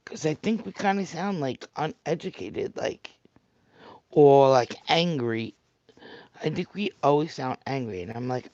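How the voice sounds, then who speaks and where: A man's voice: fairly high pitch, lively intonation, a little slow, a little mellow, no echo, dull audio. A man with a thick Staten Island New York accent, rambling casually to his viewers on a livestream and answering their comments. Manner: rambling, chatty, talks straight to viewers. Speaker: vlogger reading live comments.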